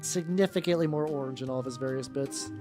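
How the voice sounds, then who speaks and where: A man's voice: medium pitch, fast talker. A man streaming casually while he paints miniatures. He rambles, swears freely and often restarts his sentences. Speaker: VTuber streamer. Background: faint background music.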